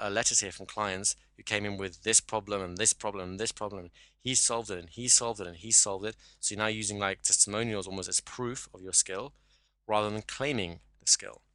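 A man's voice: fairly low pitch, pushed and bright, dry recording. A man teaching a hypnosis class, explaining and acting out sample dialogue. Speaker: hypnosis trainer.

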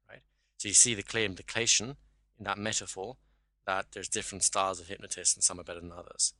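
Male trainer, bright forceful voice, dry close sound, explanatory delivery. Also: deep voice, steady tone, fast talker, no room sound. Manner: explanatory, acts out sample dialogue. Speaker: hypnosis trainer. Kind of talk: teaching a class.

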